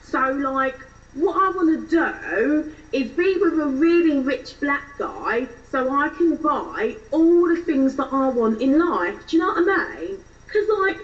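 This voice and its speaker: A woman's voice: high voice, far from the mic, highs cut off. Woman doing a bubbly airheaded Essex girl. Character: shallow young Essex woman who loves shopping.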